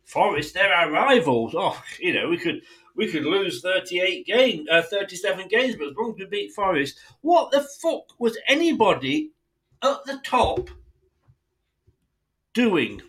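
Fired-up, high-voiced Englishman ranting. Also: very animated, measured pace, fairly bright tone, poor audio. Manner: indignant, sweary, speaks straight at the club owners. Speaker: football fan podcast host. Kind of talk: solo podcast rant.

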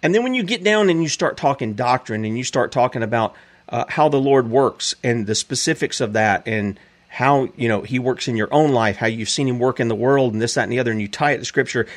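A man's voice: medium pitch, brisk. A man hosting a show, giving emphatic preacherly commentary.

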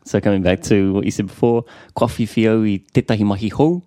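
A man's voice: on the low side, fast talker, warm tone, no room sound, clean studio sound. A man learning te reo Māori, asking curious questions and repeating phrases back in a casual lesson.

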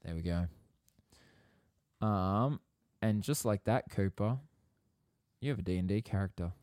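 Mellow, low-pitched male podcast host. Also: measured pace, dry recording, clean studio sound. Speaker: podcast host and game master. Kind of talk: casual chat.

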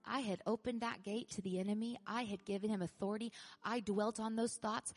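Animated woman pastor preaching. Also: medium pitch, fast. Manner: animated, laughing, repetitive, building to loud emphasis. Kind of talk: sermon.

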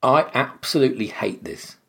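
A man's voice: mid-range voice, expressive, normal speed, gravelly, fairly bright tone. A man co-hosting a casual film podcast, blunt and swearing often as he airs his complaints. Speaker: podcast co-host.

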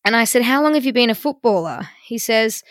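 A woman's voice: fairly high pitch, expressive, brisk, no echo, studio quality. Chatty young woman telling a story. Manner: chatty, wry, quotes messages in a mock-dramatic voice. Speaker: podcast host. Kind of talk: casual storytelling chat.

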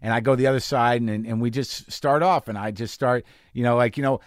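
A man's voice: mid-range voice, fast, hardly any pauses, a little mellow, no room sound, clean studio sound. A man hosting a podcast from a garage, telling stories in a rambling, profane, self-deprecating monologue. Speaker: podcast host. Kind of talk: casual monologue. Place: garage studio.

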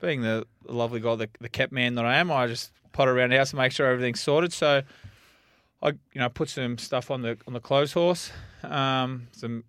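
A man's voice: mid-range voice, brisk, a bit bright, clean tone, no room sound, studio quality. An Australian man co-hosting a podcast in casual banter, ranting with brash exaggeration. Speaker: podcast co-host.

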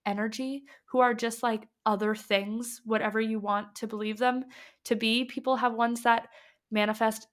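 A woman's voice: a little high, flat delivery, moderate pace. A young woman who works as a medium, chatting casually on a podcast and acting out the dialogue she quotes. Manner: chatty, lots of fillers, acts out quoted dialogue. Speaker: medium and past life regression guide.

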